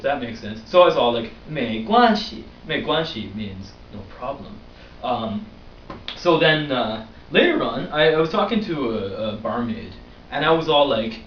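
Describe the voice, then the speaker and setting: A man's voice: medium pitch, moderate pace, slight background noise. A young man hosting a vlog, telling a story in a casual, rambling way with lots of fillers. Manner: rambling, animated, with many fillers. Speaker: vlog host. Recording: dull roomy recording from a distance.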